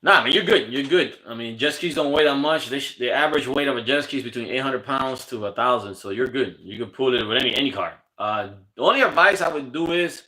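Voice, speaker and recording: Guy rambling thru a livestream q&a, bright voice, answering chat. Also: mid-range voice, lively intonation, fast talker, few pauses, rough recording. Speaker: boating channel host. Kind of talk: casual livestream Q&A. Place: South Florida.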